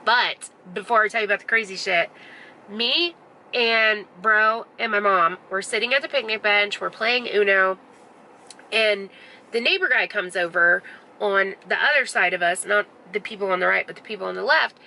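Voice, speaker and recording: A woman's voice: medium pitch, normal speed, gravelly, bright, forceful tone, a little hiss or hum, low-quality recording. A young woman vlogger telling a rambling story in casual chat, swearing freely and filling her speech with "like". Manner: chatty, profane, full of "like" fillers. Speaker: beauty vlogger.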